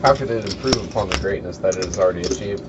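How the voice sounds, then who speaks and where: A man's voice: sits low, racing. A man teasing the other players playfully during a poker game. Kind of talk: casual banter at a poker table. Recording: distant dull mic with loud room noise.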